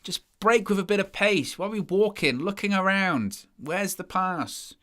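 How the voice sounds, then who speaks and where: A man commentates live over a match, ranting with weary sarcasm about his side. His voice is bright and forward, and his delivery swings between flat disbelief and raised frustration. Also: sits high, moderate pace. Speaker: fan channel presenter.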